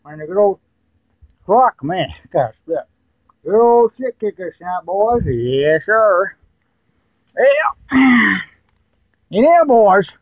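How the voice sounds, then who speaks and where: A rowdy, crude hillbilly who dips tobacco, as a man puts him on, talking in a slow, high-pitched full of rambling fillers. The sound is close and dry. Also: sing-song, no room sound, highs cut off, heavily acted. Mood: rowdy boasting. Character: loud crude male hillbilly tobacco dipper. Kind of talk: comedy character vlog.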